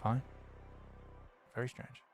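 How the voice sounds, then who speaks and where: A young British man chatting casually on a stream, excitable and swearing freely, swinging between loud enthusiasm and mock gloom. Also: slow pace, faint music behind.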